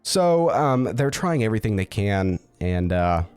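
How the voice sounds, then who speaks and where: A man's voice: on the low side, sing-song, measured pace, darkish tone, smooth, soft background music. A man casually telling a story, chatty with fillers.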